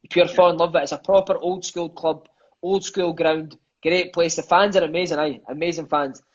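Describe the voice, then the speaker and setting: Speaking briskly in a slightly high, steady tone, a former footballer from Scotland, now in his thirties, tells stories as a podcast guest. His chat is casual and sweary, peppered with "aye" and "mate," and the audio sounds dull.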